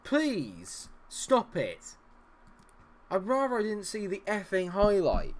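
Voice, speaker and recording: A man's voice: high voice, wildly swooping pitch, slow. A man streaming his own game, commentating live, exasperated, swearing and talking at the players on screen.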